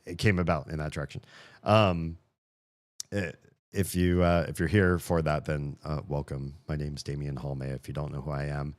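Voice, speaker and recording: Low-voiced man rambling on a stream. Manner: rambling, self-mocking, laughs often. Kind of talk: casual live-stream chat.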